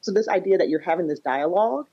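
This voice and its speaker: Husky fast-talking woman, low-pitched. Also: animated. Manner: explains by acting out everyday examples. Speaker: psychotherapist and parenting coach. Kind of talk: conversational podcast interview. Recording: dull lo-fi audio.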